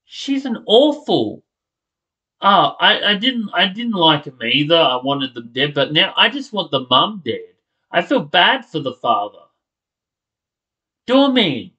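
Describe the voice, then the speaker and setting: A man's voice: on the high side, very animated, normal speed, bright, forceful tone, low-quality recording. A man angrily reacting to a video, swearing and cutting off his own words as he rants. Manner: furious, swearing, blurting, restarting words. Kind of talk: angry reaction rant.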